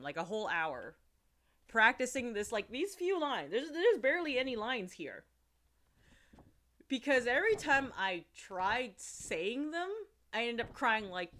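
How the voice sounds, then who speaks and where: A woman's voice: mid-range voice, a bit bright. A woman streamer chatting casually with her viewers, giggling often and talking with lots of fillers. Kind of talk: casual chat on a livestream.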